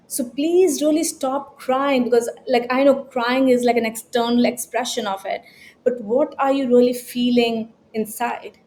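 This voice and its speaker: Emphatic woman coach, slightly high voice. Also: darkish tone, slight background noise. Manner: emphatic, scolding, repeats phrases. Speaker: self-help coach. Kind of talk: motivational talk to camera. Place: New York.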